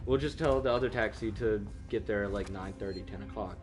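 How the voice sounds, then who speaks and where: A man telling a story in casual chat with friends, animated and swearing, often laughing and acting out people's voices. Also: on the low side, fairly quick, over music. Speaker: streamer. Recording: faint background noise.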